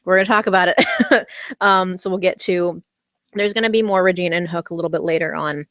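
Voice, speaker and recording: On a dry recording, a fairly low, steady, slightly bright female voice moves at a fairly quick clip. She's a US vlogger casually recapping a TV episode on a livestream, full of fillers, false starts and giggly outbursts, with a candy in her mouth.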